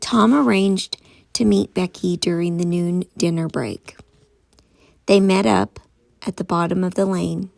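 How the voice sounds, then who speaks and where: A woman reading a graphic novel aloud, soft-spoken and unhurried. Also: fairly low pitch, creaky, no echo. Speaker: reader.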